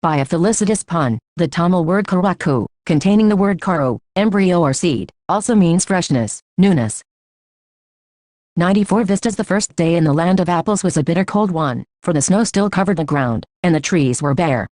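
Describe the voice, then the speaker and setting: A woman reads a school textbook aloud in a steady, measured way. Her voice sits low, and the recording is dry and close. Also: dry recording. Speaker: audiobook reader.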